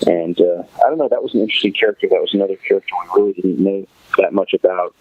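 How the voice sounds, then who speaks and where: A man's voice: low voice, fast talker, husky, no echo, phone-quality sound. A man hosting a podcast, casually recapping a TV episode, rambling and thinking aloud with many fillers. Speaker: podcast host.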